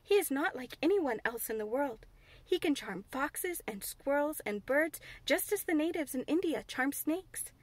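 A woman's voice: high voice, animated, a little slow, voice pushed up. A woman voicing a blunt, curious little girl who tells things earnestly and eagerly.

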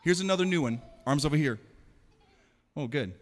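A man performing an interactive stage show for children, playfully calling out quick commands and teasing his audience. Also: a little high, expressive. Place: large hall. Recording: long hall reverb.

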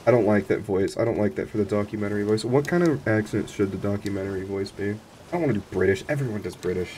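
A man streaming a video game, commenting in an excitable, profane way to himself and his chat. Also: on the low side, fast, a little hiss or hum.

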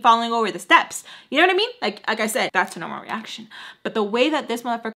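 Young female beauty vlogger, bright, fairly high voice. Animated storytelling, swears freely, drops Spanish words into her English. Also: fast, slight background noise. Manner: acts out quoted voices. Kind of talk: storytime while doing makeup.

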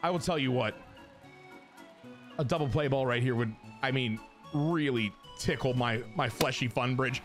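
A young man hosting a gaming channel, giving excited commentary on his baseball video game and cheering and shouting at the plays. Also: medium pitch, moderate pace, long pauses, soft background music. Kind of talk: excited live gameplay commentary.

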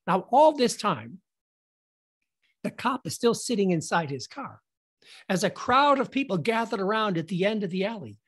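A middle-aged man hosts his podcast and tells a funny story about himself. His delivery is animated and theatrical, and he acts out each scene as he goes. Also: high voice, moderate pace, slightly rough. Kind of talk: comic personal storytelling.

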